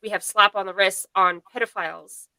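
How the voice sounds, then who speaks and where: A woman's voice: medium pitch, fairly even intonation, a little fast, bright, forceful tone, no echo, rough recording. A woman in a casual live podcast chat, talking bluntly and in a rambling way, with a sarcastic edge. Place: home.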